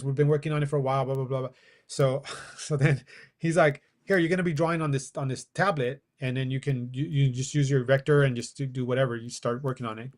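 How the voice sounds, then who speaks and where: Middle-aged male storyteller, casual and animated, acts out quoted dialogue, mid pitch. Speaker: guest.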